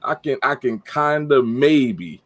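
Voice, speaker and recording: A man's voice: mid-range voice, slow, no echo. A man co-hosting a casual podcast, thinking things through aloud and cutting in. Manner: reasoning aloud, animated, interjecting. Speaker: podcast co-host.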